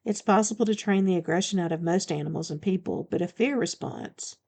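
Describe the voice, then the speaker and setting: Blunt commanding shifter bodyguard guy read by a woman, low gravelly voice, firm. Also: a little fast, a little mellow.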